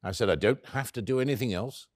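The actor's medium-pitched voice moves fast and is only lightly acted, captured in a dry, studio-quality recording. Playing an elderly writer alone on stage, he tenderly and wryly recounts his late love in the first person, performing both voices in their conversations.

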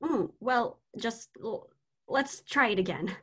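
A woman reading an impatient young woman who tutors French and snaps quickly. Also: a little high, expressive, a bit bright. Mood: exasperated. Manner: exasperated, quick to snap. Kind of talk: amateur scene reading.

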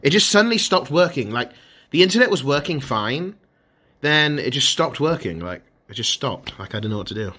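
Man, streamer, swearing, exasperated, sharp tone, phone mic, alone in his room. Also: mid-range voice, sing-song, a little fast. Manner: swearing, exasperated, talks to chat. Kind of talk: frustrated live-stream rant. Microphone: mobile phone held to face.

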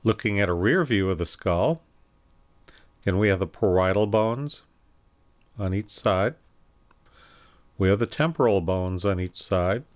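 A man giving a recorded anatomy lecture, calmly explaining and pointing through slides with occasional self-corrections. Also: fairly low pitch, measured pace, pauses often. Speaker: anatomy instructor.

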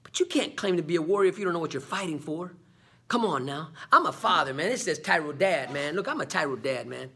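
Vlog host, man, high husky voice, preachy motivational delivery, peppers lines with "man". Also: animated, fast, sharp tone. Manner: preachy, repeats "man" and "come on"; call-and-response questions. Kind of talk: motivational talk to camera.

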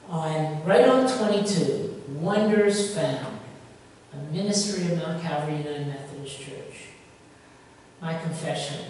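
A woman pastor preaches in a relaxed, talky way, often tossing rhetorical questions at her congregation. Her voice sits in a middle pitch and comes from some distance off. A long reverb fills the large church space around her. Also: slight background noise. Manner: conversational, animated, asks rhetorical questions. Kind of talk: sermon. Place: church sanctuary. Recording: echoey church hall from far off.

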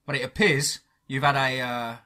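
A man's voice: mid-range voice, flat delivery, normal speed, lightly acted. A man voicing a bullying, taunting male government agent in a horror story. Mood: sneering. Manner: sneering, loud, taunting.

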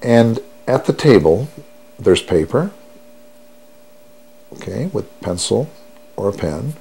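A man guiding a listener through a hypnosis session, speaking in a soothing, unhurried way and repeating each affirmation. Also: on the low side, big pitch swings, gravelly, mellow, breathy edge. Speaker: stop-smoking hypnotherapist.

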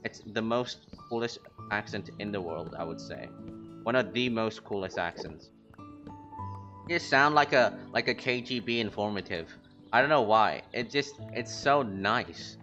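A man streaming a game, rambling casually to his chat with quick excited outbursts. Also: lowish voice. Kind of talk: casual gaming commentary. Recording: lo-fi stream audio with faint music.

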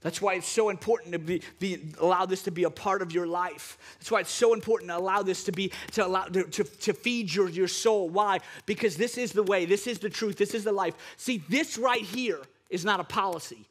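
A male pastor preaching a sermon with fervent, repetitive phrasing, at times wound up and excited. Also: sits high, fairly quick, few pauses.

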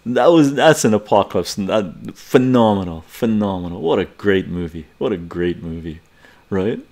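A man's voice: fairly low pitch, expressive, moderate pace, a little mellow. A man in his forties, a live stream host, telling a story casually, laughing often and swearing freely.

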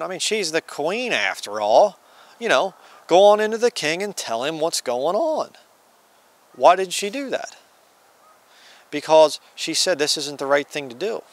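A man's voice: a little high, a bit bright. A man giving a conversational Bible teaching, reading scripture and acting out quoted voices. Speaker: preacher. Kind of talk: sermon-style Bible teaching.

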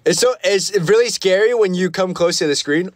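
A man's voice: high-pitched, moderate pace, dry recording. A man hosting a casual livestream, reading comments aloud and rambling with many fillers, from a small foam-lined practice room. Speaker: livestream host. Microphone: phone livestream.

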